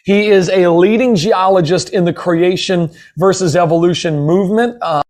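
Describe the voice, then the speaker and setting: A man hosts a webinar in a notably high voice. He is eager and effusive, and his praise tumbles out with plenty of "uh"s. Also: moderate pace, a little mellow. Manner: eager and effusive, with many fillers. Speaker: webinar host. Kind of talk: upbeat guest introduction.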